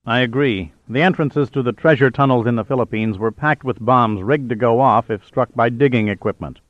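A man's voice: medium pitch, brisk, no room sound, lo-fi sound, natural voice. A man voicing a plain-spoken treasure expert. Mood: matter-of-fact.

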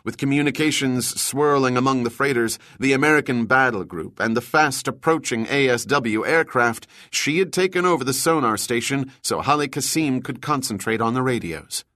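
A man reading a thriller audiobook in scripted narration, with a steady, measured delivery. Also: medium pitch, dry recording, studio quality.

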